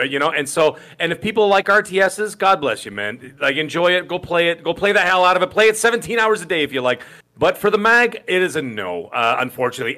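A middle-aged man in casual podcast chat with a bright, forward tone and a slightly higher pitch than most men. He talks emphatically and gets worked up easily, tripping over and repeating his words as he goes. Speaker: podcast co-host.

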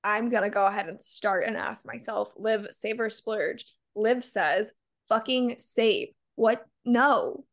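A woman's voice: mid-range voice, measured pace, few pauses. A young woman co-hosting a podcast in casual chat, blunt and sarcastic, swearing freely as she rants. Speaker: podcast co-host.

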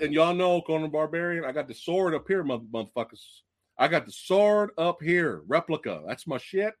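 Hosting a casual movie review livestream, this male podcast host has a lively, swooping voice and keeps a moderate pace. Excitable and profane, he veers between loud outbursts and low mutters.

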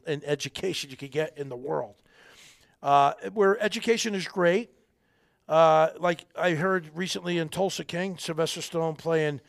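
A middle-aged army veteran speaking as a podcast guest, earnest, rambling and folksy, with a gravelly voice. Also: male voice, fairly high pitch, fairly bright tone, dry recording, clean studio sound. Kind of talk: casual interview talk.

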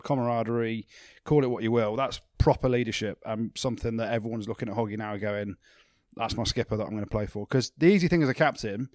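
A man's voice: mid-range voice, dry recording, studio quality. A man hosting a podcast, telling stories and bantering in casual chat. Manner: storytelling, animated banter. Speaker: podcast host.

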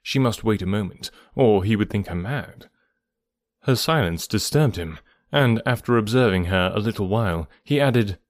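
A man narrating a classic novel as an audiobook, with a calm, even storytelling manner. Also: lowish voice, normal speed, dry recording, studio quality.

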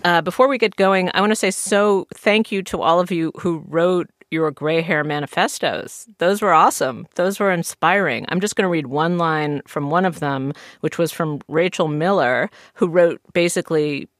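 A woman's voice: fairly low pitch, moderate pace, hardly any pauses, dry recording, studio quality. A woman hosting a chatty podcast, nasal from a head cold, with frequent fillers and laughs. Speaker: podcast host. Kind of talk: casual chat.

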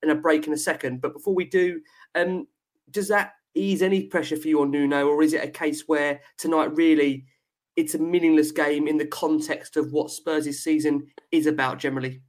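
Man, podcast host, quick pace, fairly high voice, brisk questions. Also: flat delivery. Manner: brisk, steering the panel with questions. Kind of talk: hosting a podcast discussion.

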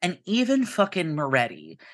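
A woman's voice: low voice, wildly swooping pitch, moderate pace. A woman co-hosting a podcast, talking about a film casually, with emphatic, frequent swearing. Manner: profane, emphatic, swears often. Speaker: podcast co-host.

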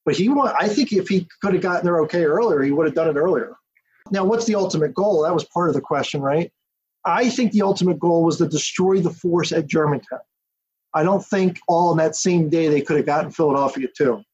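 A man with a somewhat raised pitch and a breathy, husky edge lays out events in long, detailed stretches. He speaks as a guest historian in an interview, with steady storytelling and the odd aside. The sound is dull and lo-fi. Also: brisk. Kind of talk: podcast interview, explaining history. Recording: dull lo-fi audio.

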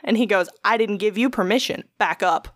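Swearing liberally and imitating whoever she's quoting, a young woman spins a meandering story on a laid-back podcast. She talks briskly at a normal pitch, and the recording is dry and close-miked.

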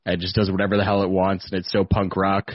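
A man's voice: low-pitched, completely flat delivery, fast, no room sound, muffled recording. A man hosting a podcast in a loose, chatty way, swearing freely. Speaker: podcast host. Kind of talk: casual chat.

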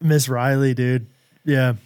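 An American man co-hosting a podcast in casual chat, laughing often and breaking into loud movie-quote impressions. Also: medium pitch, flat delivery, slow, clear, resonant tone. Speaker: podcast co-host.

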